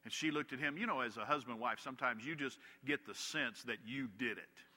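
A man's voice: medium pitch, brisk, pushed and bright. A man preaching a sermon as a pastor, telling humorous stories to make his point. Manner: storytelling with humorous anecdotes. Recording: long hall reverb.

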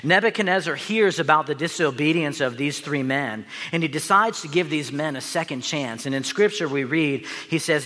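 A man's voice: fairly high pitch, expressive, normal speed, hardly any pauses, pushed and bright, in a large hall. A man, a pastor, preaching a sermon in an earnest, emphatic way, with asides to the listeners.

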